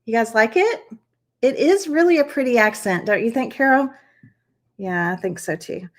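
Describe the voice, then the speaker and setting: This woman hosts a craft channel and chats her way through a live stream as she shows each step. She's animated, with a fairly high pitch and a moderate pace, cheering viewers on and guiding them along.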